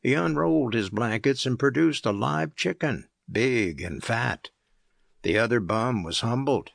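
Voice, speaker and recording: A man reading an audiobook aloud as narrator, in a measured, even storytelling manner. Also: medium pitch, creaky, dry recording, studio quality. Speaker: audiobook reader.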